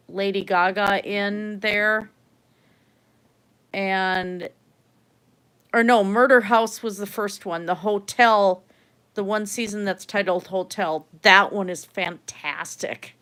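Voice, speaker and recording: A woman's voice: mid-range voice, a bit bright. A middle-aged woman with a Minnesotan accent, chatting casually on a livestream and rambling with many fillers and restarts. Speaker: livestream host. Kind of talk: casual livestream chat while painting.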